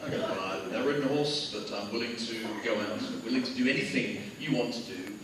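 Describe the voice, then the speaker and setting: A man's voice: mid-range voice, fast talker, recorded from a distance, noisy background. English man telling a story in an echoey hall. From England. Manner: storytelling with quoted voices, many fillers and restarts. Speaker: convention panel guest. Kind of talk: comic anecdote on stage. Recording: echoey hall, mic from afar, loud audience.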